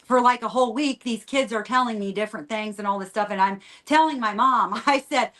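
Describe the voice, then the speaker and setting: A woman guest on a podcast giving a rambling personal testimony, repeating herself and trailing off quietly at the ends of lines. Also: fairly high pitch, fairly quick, few pauses.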